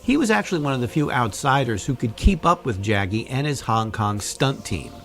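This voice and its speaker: A man's voice: lively intonation, brisk. Wry man narrating a podcast. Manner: wry, conversational, puts on a deep trailer voice at times. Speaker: podcast host.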